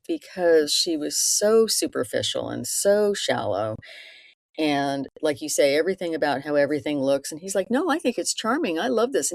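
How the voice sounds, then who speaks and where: A woman's voice: deep voice, a little mellow, no echo. A woman co-hosting a podcast, discussing a film earnestly and murmuring agreement while her co-host talks.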